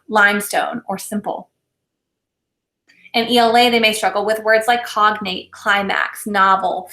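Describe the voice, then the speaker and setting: A woman presenting a recorded teacher training lesson, speaking in a clear, deliberate, instructional way. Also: medium pitch, pushed and bright, roomy sound. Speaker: literacy presenter.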